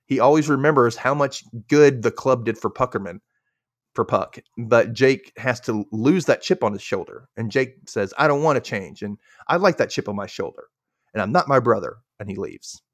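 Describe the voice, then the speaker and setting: A man hosting a podcast, giving a chatty, joking recap of a TV episode and jumping into high squeals for quotes. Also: dry recording, clean studio sound. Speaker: podcast host.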